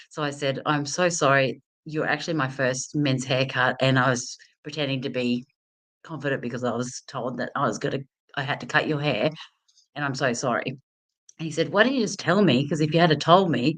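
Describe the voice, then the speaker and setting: A woman's voice: low-pitched, fairly bright tone. Chatty woman telling a story. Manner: chatty, lots of fillers and restarts, laughs often. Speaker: host of a confidence talk. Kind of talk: casual live talk, storytelling.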